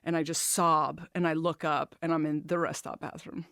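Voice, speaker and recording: A woman's voice: low voice, level tone, normal speed, a bit bright, no echo, studio quality. A woman hosting a podcast, telling a candid, emotional personal story, swearing freely and talking openly about her feelings. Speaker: podcast host.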